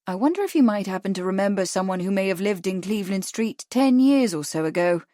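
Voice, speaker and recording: A woman voicing a polite, inquisitive gentleman investigator in an audiobook, speaking in a courteous, measured way. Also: high voice, lively intonation, dry recording, studio quality.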